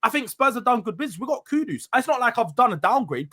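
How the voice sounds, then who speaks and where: A man's voice: very high-pitched, big pitch swings, fast talker, a bit bright. A man arguing as a panelist in a heated football fan debate, insistent and talking over others. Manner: insistent, talks over others, repeats himself.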